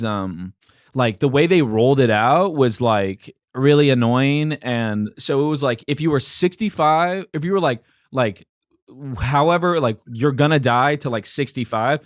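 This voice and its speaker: A man's voice: mid-range voice, no echo. Young man, casual chat, rambling storyteller, dry close mic. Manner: rambling, filler-heavy storytelling.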